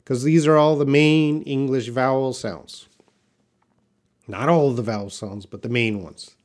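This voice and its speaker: A middle-aged man hosting a live English lesson, reading chat comments aloud and modelling words slowly. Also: medium pitch.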